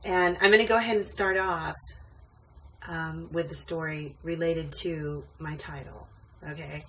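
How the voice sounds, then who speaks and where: Speaking low, at a measured pace with fairly even intonation and a slightly bright tone, a woman rideshare driver tells a rambling story for her casual vlog. It's late at night, she's tired, and she's at home on a wobbly stool, peppering the tale with ums and asides. A distant mic catches faint background noise.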